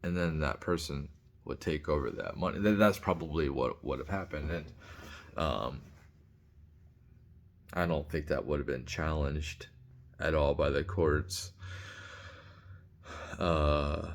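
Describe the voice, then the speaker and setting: A man with a low, deep voice talks through a casual opinion monologue. He is blunt and rambling, restarting sentences and leaning on filler words as he goes. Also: fairly even intonation, slow pace, long pauses. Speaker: commentator.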